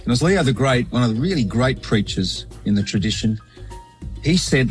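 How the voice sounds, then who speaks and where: A man, a bishop, giving a measured, explanatory weekly sermon reflection. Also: mid-range voice, lively intonation, soft background music, rough recording.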